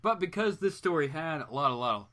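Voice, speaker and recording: A man's voice: on the high side, sing-song, fast talker, sharp tone. A man hosting a casual live comics show, rambling through his thoughts and chatting back to viewers' comments. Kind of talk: casual live-stream chat.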